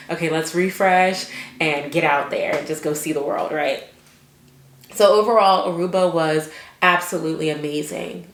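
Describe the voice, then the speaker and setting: Chatty low-voiced woman in echoey room. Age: adult with children. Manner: chatty, animated, lots of fillers and quoted self-talk. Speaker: vlogger. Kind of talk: casual storytelling vlog.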